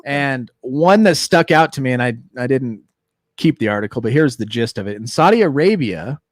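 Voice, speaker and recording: A man's voice: medium pitch, expressive, normal speed, no echo, clean studio sound. A man hosting a recovery livestream in casual chat, laid-back and joking as he thanks viewers and shares news. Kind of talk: casual live-stream chat.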